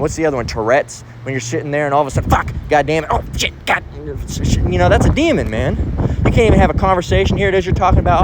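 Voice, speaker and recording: Rambling man preaching outdoors in wind. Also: fairly high pitch. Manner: rambling, emphatic, profane. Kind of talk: informal spoken sermon.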